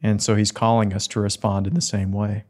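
A man preaching a sermon in an earnest, gentle way, with soft asides. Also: fairly low pitch, level tone, a little fast.

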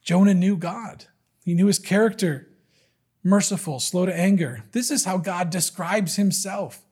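A man's voice: high voice, a little slow, darkish tone, slightly rough. A man preaching a sermon in an earnest, emphatic way, repeating key words for weight.

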